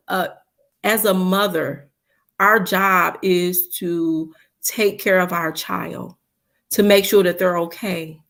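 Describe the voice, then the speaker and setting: A woman speaking very slowly on a video call, giving earnest testimony as a mother. Her mid-pitched voice is steady and full of faith, and she weaves in quoted scripture. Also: gravelly. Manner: slow, earnest, faith-filled, quoting scripture. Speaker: bereaved mother on a panel. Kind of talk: personal testimony.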